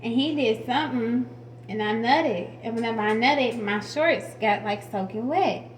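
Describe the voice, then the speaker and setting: Frank, foul-mouthed woman vlogger with a higher voice, telling a story in an echoey room. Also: unhurried, a little hiss or hum. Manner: frank and profane, laughs often. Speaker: music artist telling a personal story. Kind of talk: casual storytelling to camera. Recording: roomy echo.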